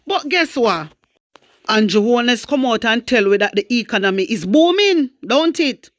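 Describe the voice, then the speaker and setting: A host with a Jamaican Patois accent giving reaction commentary, animated and repetitive, calling out to viewers directly. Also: high voice, dry recording, clean studio sound.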